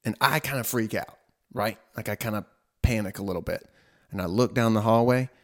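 A man's voice: fairly low pitch, fairly quick, fairly bright tone. A young man casually telling a personal faith story, chatty and self-mocking, filling his talk with "like" and "right?". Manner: chatty, with frequent "like" and "right?", laughing at himself. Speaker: storyteller sharing a faith testimony.

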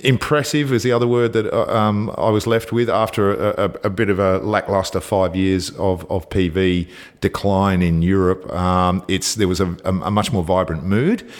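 A chatty man with a fairly low voice talks through a casual podcast chat. He laughs easily and fills his sentences with ums and restarts as he goes. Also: steady tone, normal speed. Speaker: co-host.

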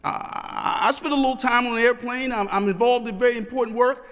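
A middle-aged man delivers a sermon in a high, carrying voice. He preaches in a measured cadence, slowing down and lifting his phrases for emphasis. The long reverb of a large church sanctuary trails after every line. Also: fairly even intonation, a bit bright. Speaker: pastor.

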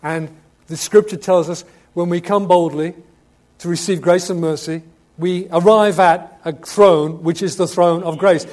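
A man preaching a sermon, stressing key words loudly, then dropping to quiet asides and asking the congregation questions. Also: sits high, fairly even intonation, a little slow. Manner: emphatic, swings between loud urgent stress and quiet asides.

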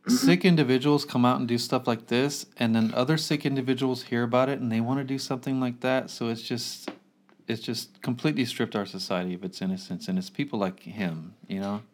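A man's voice: medium pitch, fairly quick, slight background noise. A man with a mid-range voice talks earnestly in a casual film chat. He often repeats a word or two as he gets going. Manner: earnest, repeats words when starting a thought.

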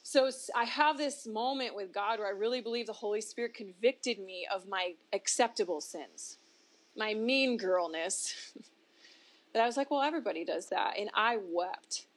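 This woman speaks at a medium pitch and a moderate pace while giving her testimony as an interview guest. A ministry founder, she is open and expressive, jumping up in pitch to stress things and laughing between her points.

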